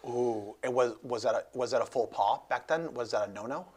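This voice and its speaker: A man hosts a relaxed talk interview in a husky voice. He rambles, restarts his sentences and jokes around as he goes. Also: medium pitch, a little fast. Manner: rambling, jokey, many restarts. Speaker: host. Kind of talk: casual interview chat.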